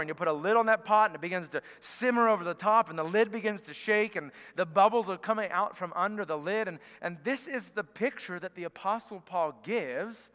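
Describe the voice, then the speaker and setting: A pastor giving a conversational sermon, teaching in a chatty way with frequent "okays" and restarts. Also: male voice, sits high, pushed and bright. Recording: reverberant hall.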